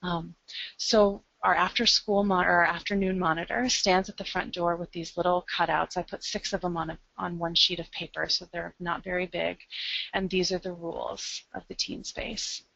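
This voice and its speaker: A woman with an American Midwest accent speaks in a low, gravelly voice as she walks through a webinar presentation. Her delivery is upbeat and conversational, full of ums. The audio is dry and dull, like an online call. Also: level tone, moderate pace, a bit bright, dry recording.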